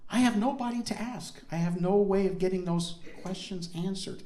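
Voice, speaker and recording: A man with a fairly high voice tells a story to an audience. He keeps it conversational and asks the listeners questions as he goes. His voice rings in an echoey room. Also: moderate pace, dark tone. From United States. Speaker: speaker on family history.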